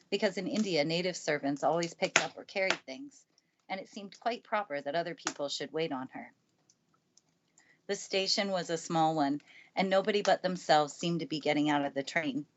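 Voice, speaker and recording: A woman with a lowish voice reads a classic children's book aloud in a calm, steady manner. She is recorded with a studio mic in a family room by the fireplace. The sound comes across a bit dull and lo-fi. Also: a little hiss or hum. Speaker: narrator. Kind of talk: live storybook reading aloud. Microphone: good studio mic.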